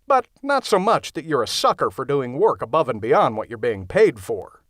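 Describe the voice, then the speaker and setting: A man's voice: mid-range voice, no echo. Wry male audiobook narrator. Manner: wry, sarcastic, conversational. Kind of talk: first-person comedic horror narration. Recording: dry close studio sound.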